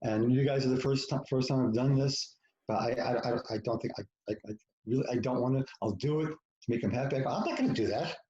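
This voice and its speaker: A man tells a personal story as a podcast guest, blunt and profane, slipping into the voices of the people in it. His voice sits at an ordinary middle pitch. The recording sounds roomy and a little muffled, like a home setup. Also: fairly even intonation, quick pace, dark tone. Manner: frank, profane, self-mocking, acts out quoted lines. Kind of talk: candid storytelling in conversation.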